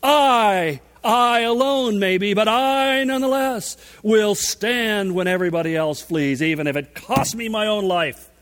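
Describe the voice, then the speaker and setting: A man preaching, acting out a proud male apostle who loudly insists he will stand firm. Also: high voice, a little slow, hardly any pauses, voice pushed up. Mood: boastful. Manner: loud, emphatic, indignant. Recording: long reverb of a large hall.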